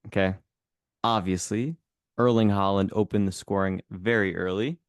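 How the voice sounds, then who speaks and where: A man with a fairly low voice co-hosts a casual football podcast, teasing and joking as he goes. The recording is dry and close, with little room sound. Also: fairly even intonation, normal speed, clear, resonant tone, dry recording. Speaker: podcast co-host.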